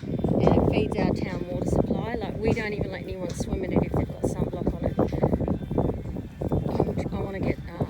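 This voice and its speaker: A woman's voice: medium pitch, fairly even intonation, normal speed, pauses often. A woman, a horse owner, chatting casually outdoors and talking to her horses. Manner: chatty, coos and scolds the horses. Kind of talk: casual chat to camera and to horses. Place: windy rural paddock outdoors. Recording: loud wind noise outdoors.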